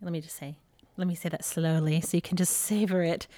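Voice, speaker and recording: A woman's voice: lowish voice, steady tone, a little fast, warm tone. A woman in her forties sits in casual conversation with her husband, speaking candidly about hard years. She tells her stories with animation, acting out old exchanges and laughing along the way. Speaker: podcast co-host, ministry leader.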